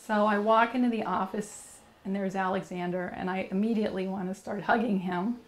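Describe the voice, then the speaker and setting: A woman's voice: medium pitch, fairly even intonation, a little fast. Earnest woman telling a personal story. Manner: earnest, rambling, with many fillers and restarts. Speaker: interview guest.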